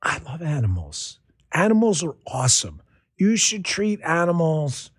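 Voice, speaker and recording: A middle-aged man from New York runs his podcast in a loose, joking ramble. His voice sits high and swings widely as he drifts from one aside to the next. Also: big pitch swings, normal speed. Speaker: podcast host. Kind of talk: casual political podcast talk.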